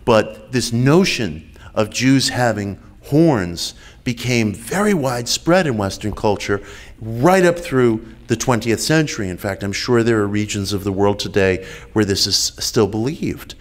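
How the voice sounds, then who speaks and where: A man giving a measured public lecture over a video call, slowing down and repeating key phrases for emphasis. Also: lowish voice, lively intonation. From United States.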